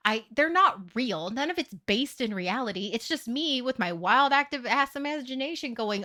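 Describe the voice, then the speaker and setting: A woman streamer talking candidly to her viewers in a casual livestream chat, swearing freely and getting animated as she tells her story. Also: high-pitched, normal speed, hardly any pauses.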